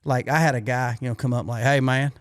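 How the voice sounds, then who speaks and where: A man from the American South hosts a podcast in a relaxed, agreeable way, often telling stories. His voice sits in a middle pitch, and the recording is close and dry. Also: fast, no echo. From Southern United States. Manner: easygoing, agreeable, storytelling. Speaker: podcast host. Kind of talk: casual chat.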